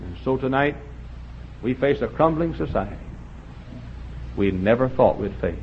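A man preaching a fiery revival sermon, swinging from shouts to low quiet lines. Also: expressive, moderate pace. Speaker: pastor. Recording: dull lo-fi with faint hiss.

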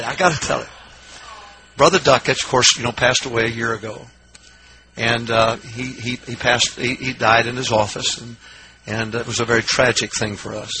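A man preaching a sermon, telling a funny story and acting out the people in it with big swings in pitch and volume. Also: noisy background. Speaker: pastor.

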